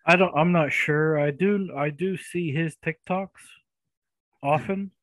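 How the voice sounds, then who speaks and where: A man's voice: a little high, a little slow, fairly bright tone, no room sound. Easygoing man in a dry room. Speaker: podcast co-host. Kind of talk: casual chat about movies.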